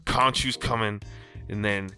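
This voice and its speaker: A man hosting a podcast, giving an animated, slangy recap of a TV episode in casual chat. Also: fairly low pitch, unhurried, faint music behind. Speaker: podcast host.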